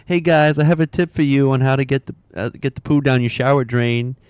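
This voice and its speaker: A man's voice: medium pitch, fairly quick, darkish tone, smooth, dry recording, voice pushed up, natural voice. A man putting on the voice of a chirpy woman sharing a gross tip online, upbeat and chatty.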